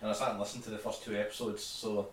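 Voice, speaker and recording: A man's voice: fairly low pitch, flat delivery, fast talker, slight background noise, low-quality recording. A young man in his twenties, a sailor on leave, guesting on a friend's podcast, talking in a laid-back, hesitant way with lots of fillers. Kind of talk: casual chat between friends.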